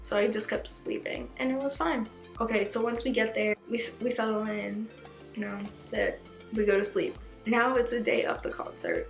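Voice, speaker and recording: A young woman telling a story to her viewers in casual vlog chat, excited and gushing, saying "like" constantly. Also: a little high, normal speed, vocal fry, soft background music. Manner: gushing, excitable, fills speech with "like". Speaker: vlogger. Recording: echoey room.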